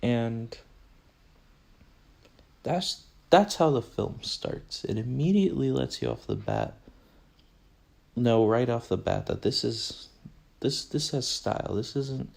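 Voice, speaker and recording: A man's voice: mid-range voice, sing-song, slow pace, gravelly, long pauses, a little mellow. A young man hosting a podcast, rambling through a casual and profane film commentary and often correcting himself. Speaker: podcast host.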